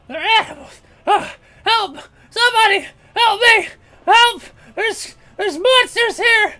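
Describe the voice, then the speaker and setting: Man voicing a panicked tiny orc, shrieking, high, bright. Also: slow, full character voice. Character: panicked shrunken male orc, terrified.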